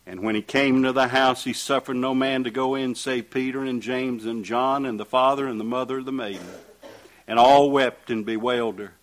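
A man preaching a sermon, reading scripture aloud and asking rhetorical questions, rising to loud emphatic peaks and dropping to quiet asides. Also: medium pitch, steady tone, moderate pace. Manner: reads scripture aloud in King James wording.

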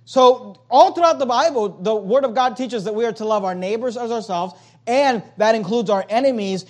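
A man preaching a sermon as pastor, emphatic, with loud high swings and quiet low drops. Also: moderate pace.

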